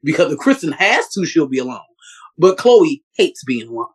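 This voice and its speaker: A man co-hosting a fan podcast, chatting eagerly with a guest, gushing praise and mimicking characters in quick asides. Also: on the high side, very animated, husky. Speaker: podcast co-host. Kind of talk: casual interview chat.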